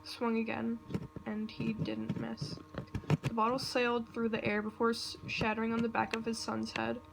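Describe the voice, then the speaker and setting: A woman reading a fan story aloud in a nervous, halting way, breaking off now and then. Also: a little high, completely flat delivery, creaky. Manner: nervous, self-interrupting reading with asides. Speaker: reader. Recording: noisy home recording with computer clicks.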